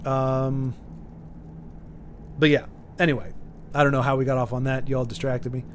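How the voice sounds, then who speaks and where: A man's voice: mid-range voice, level tone, moderate pace, a little hiss or hum. A man streaming live, chatting casually and rambling while he reads out viewer comments, with frequent restarts and chuckles.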